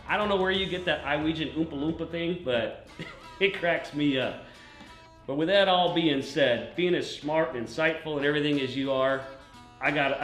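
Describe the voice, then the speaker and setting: Racing-show host, man, jokey and laughing, slightly high voice, echoey room. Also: a bit bright. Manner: joking, laughs often. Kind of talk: casual chat.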